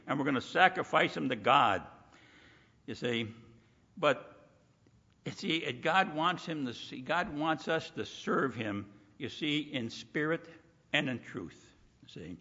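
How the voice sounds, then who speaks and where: A man preaching a sermon in a gravelly, fairly high voice. He is emphatic, often repeats "you see" and acts out the people he quotes. The sound is muffled, with long hall reverb. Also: animated, unhurried, sharp tone.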